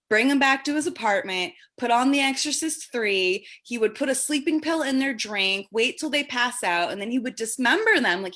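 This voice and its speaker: A young woman with a fairly high voice runs through a stand-up set, casual and sardonic. She tells her stories loosely and drops into quick acted quotes of the people she meets. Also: fairly bright tone. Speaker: stand-up comedian. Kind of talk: stand-up set on a comedy show.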